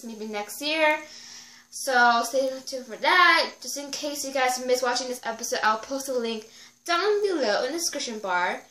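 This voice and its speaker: Bright-voiced young woman, rambling recap. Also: fairly high pitch, reverberant. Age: young adult. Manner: rambling, excitable, heavy use of 'like' fillers. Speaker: video reviewer. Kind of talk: casual episode recap.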